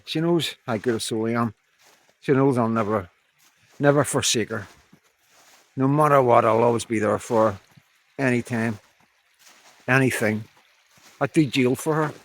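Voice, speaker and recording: A man with a strong regional accent talking casually to his viewers on an evening walk, rambling, frank and downbeat, swearing now and then. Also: medium pitch. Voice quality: strong regional accent that he says captions garble. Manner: rambling, frank, swears, repeats "you know". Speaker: vlogger.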